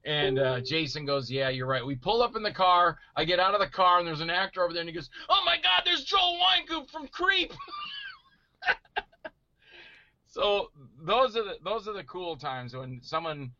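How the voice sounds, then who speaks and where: A middle-aged man telling stories in casual chat, animated and acting out voices he quotes. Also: a little high, a little fast, few pauses, muffled recording. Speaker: guest actor telling stories.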